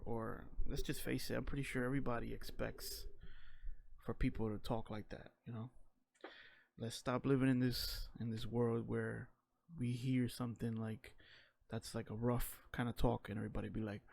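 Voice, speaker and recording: A man speaks in a mid-range voice with a gravelly, fried edge. He tells his own story candidly and reflectively. His casual delivery is full of loose "you know, man" fillers. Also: medium pitch, fairly even intonation, moderate pace, darkish tone.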